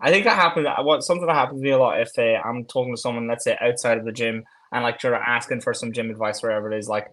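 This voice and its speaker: A man with a mid-range voice talks quickly and rambles through a casual podcast chat. He is a fitness coach, blunt and matter-of-fact, and he laughs often. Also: medium pitch, fairly even intonation, a bit bright.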